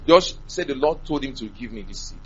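A man preaching a sermon, animated, swinging from loud to soft. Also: mid-range voice, a little fast, lo-fi sound, faint music behind.

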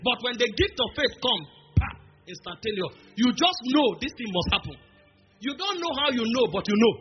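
A man preaching a sermon, emphatic, slowing down to stress key phrases and dropping humorous asides. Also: extremely high pitch, big pitch swings. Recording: dull lo-fi recording with faint music behind.

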